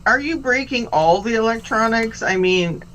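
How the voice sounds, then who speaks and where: Woman, co-host, teasing, laughing interjections, slightly high voice, noisy background. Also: lively intonation, normal speed. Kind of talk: casual livestream chat.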